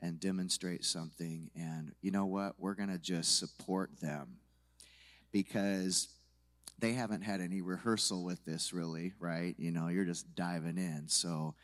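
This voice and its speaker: Man with a deep morning voice, chatty worship teacher, casual church talk. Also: unhurried. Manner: relaxed, chatty, many fillers. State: low morning voice. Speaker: conference speaker, worship leader. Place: church hall.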